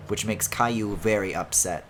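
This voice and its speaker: A man's voice: on the low side, normal speed, a little hiss or hum. A man streaming a video game, chatting casually as he plays, swearing and laughing often. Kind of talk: casual let's-play commentary.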